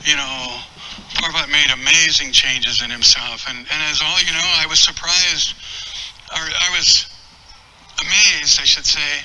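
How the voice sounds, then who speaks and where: A man speaking at a memorial, reminiscing earnestly in a halting way with many restarts. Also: a little high, steady tone, sharp tone, a little hiss or hum, poor audio. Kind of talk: memorial tribute talk.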